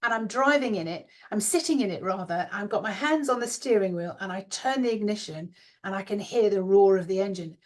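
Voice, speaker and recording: A middle-aged woman with a brisk, mid-range voice gives a casual spiritual talk that works as a guided visualization. She is a spiritual teacher and card reader, and she sounds chatty and dreamy, laughing often.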